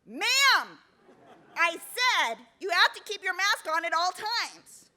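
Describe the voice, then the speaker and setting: A woman voicing a self-righteous adult woman hiker who shouts officious scoldings in a storytelling performance. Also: very high-pitched, very animated, takes it slowly, pitched above the performer's own voice, full character voice.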